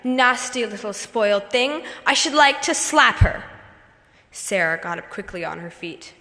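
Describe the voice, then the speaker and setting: Woman reciting a story in a hall. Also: mid-range voice. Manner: expressive storytelling. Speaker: student reciter. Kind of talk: memorized dramatic recitation. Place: school auditorium. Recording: hall reverb.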